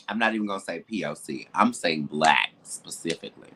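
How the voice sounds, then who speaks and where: In a low, sharp voice, a podcast co-host talks a little fast with few pauses, candid and emphatic, slipping in side remarks during casual conversation. He's at home with building noise nearby, and slight background noise is present.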